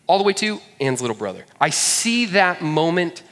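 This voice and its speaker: Pastor guy telling a story in a sermon, pitch jumps all over, big echoey hall. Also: moderate pace. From Georgia, USA. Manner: storytelling, animated, jokey asides to the audience. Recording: long hall reverb.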